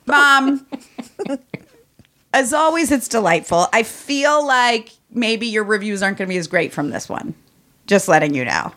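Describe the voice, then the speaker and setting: A woman's voice: fairly high pitch, animated, unhurried, a bit bright. A woman in her forties hosts a casual comedy podcast. She teases her guest playfully and laughs often. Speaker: podcast host.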